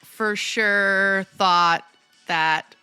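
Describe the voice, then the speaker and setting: A woman co-hosts a movie podcast in casual chat, with a bright, crisp voice. The sound is dry and close, and she keeps up wry, laughing asides. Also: medium pitch, steady tone, very slow, dry recording, faint music behind. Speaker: podcast co-host.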